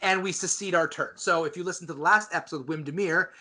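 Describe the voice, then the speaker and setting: A man's voice: fairly high pitch, fast. A man hosting a debate podcast, energetically explaining the show's rules to listeners. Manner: energetic, talks straight to listeners. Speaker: podcast host.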